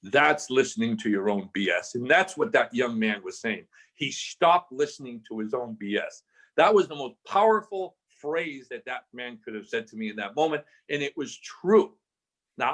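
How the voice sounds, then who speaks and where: Animated older man telling stories. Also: mid-range voice, moderate pace. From Southern California. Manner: animated storyteller, acts out quoted voices, many restarts. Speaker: guest. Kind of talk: storytelling in a podcast interview.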